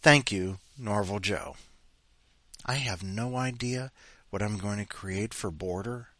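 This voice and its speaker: A man's voice: lowish voice, slow pace, no echo. A man hosting a podcast, rambling casually with sighs and mocking voices. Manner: animated, sighing, mocking voices. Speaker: podcast host.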